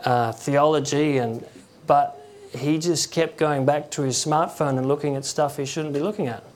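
A man giving an informal sermon in a halting, conversational way, often restarting his words and acting out quotes. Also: fairly high pitch, steady tone, a little mellow, a little hiss or hum. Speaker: preacher.

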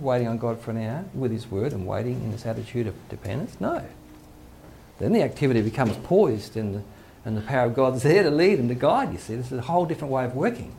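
A man's voice: medium pitch, vocal fry, a little mellow. A male pastor giving a conversational sermon, acting out quoted voices, with faint background noise.

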